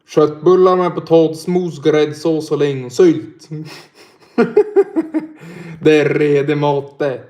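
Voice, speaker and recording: Slow-talking Swedish man in a roomy echo. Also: a little high, flat delivery, a little mellow. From northern Sweden. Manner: swears a lot, laughs often. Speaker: livestreamer. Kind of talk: casual livestream Q&A.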